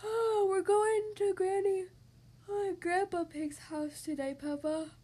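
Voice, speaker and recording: A woman voicing a wise, gentle mother pig in a calm, patient storybook voice. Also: high-pitched, brisk. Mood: sleepy.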